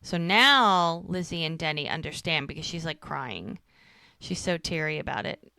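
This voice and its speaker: A woman's voice: low voice, moderate pace, clean tone, dry recording. Chatty woman recapping a show, dry sound. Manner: animated retelling, acting out characters' lines. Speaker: podcast co-host. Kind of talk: casual episode recap.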